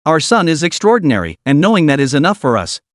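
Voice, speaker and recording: A man voicing a calm, proud young father who talks in a reassuring way. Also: fairly high pitch, fast, no room sound, clean studio sound.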